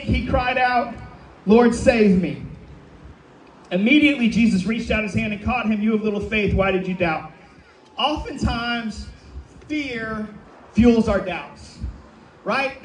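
A man's voice: very high voice, slight background noise. A man, a pastor, preaching a sermon with emphatic calls to the congregation. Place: church sanctuary. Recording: echoey hall, mic from a distance.

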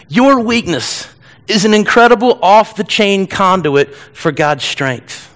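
A middle-aged man preaches a sermon to a church. His voice sits fairly high, and he keeps it animated and humorous, slipping into whiny voices to act out scenes. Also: a little slow. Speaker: pastor.

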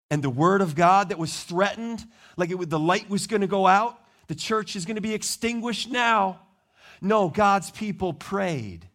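A male pastor preaching a sermon, telling the story with lively, animated delivery and acting out the people in it. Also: sits high.

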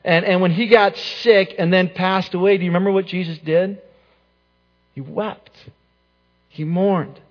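A man gives a sermon in a high voice, earnest and searching, often repeating himself and dropping his phrases to a hush. The sound is dull and lo-fi, with a long reverb trailing after each line. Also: level tone, fairly quick, few pauses. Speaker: pastor.

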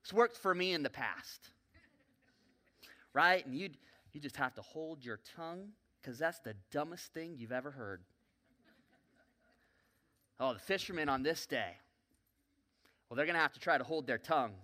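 A man preaching a sermon in a church, telling a story vividly with joking asides and sudden swings between loud and soft. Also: a little high, expressive, normal speed, long pauses. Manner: folksy, joking asides to the congregation. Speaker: pastor. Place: church sanctuary.

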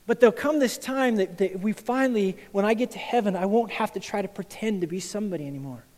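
High-voiced man preaching in a reverberant hall. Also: quick pace. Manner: animated preaching, swings between loud emphasis and quiet intensity. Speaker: pastor. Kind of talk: sermon. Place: church sanctuary. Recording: church hall with long reverb.

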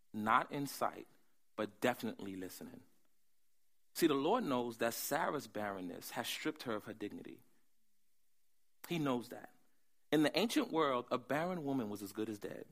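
A man preaching a sermon, animated, swinging from hushed asides to loud emphasis. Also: medium pitch, gravelly. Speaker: pastor.

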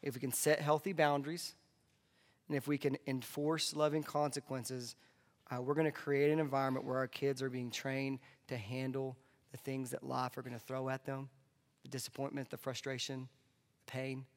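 A man delivering a conversational sermon as a pastor, dropping into soft asides. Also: medium pitch, level tone, moderate pace. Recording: long hall reverb.

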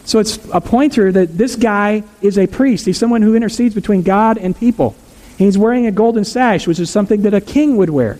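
A man's voice: sits high, brisk, dark tone, poor audio. A man preaching a sermon as a pastor, talking conversationally and asking the congregation questions.

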